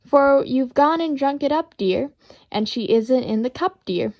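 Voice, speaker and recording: High-voiced woman reading children's poems playfully. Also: measured pace, dull audio. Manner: playful, expressive, sing-song reading. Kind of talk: reading children's poetry aloud.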